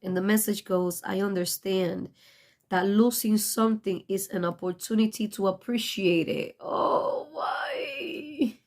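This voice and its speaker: A woman's voice: medium pitch, steady tone, moderate pace, darkish tone. A middle-aged woman giving a casual tarot reading, blunt and profane, emotional and choking up at times, with non-native English phrasing. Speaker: tarot reader.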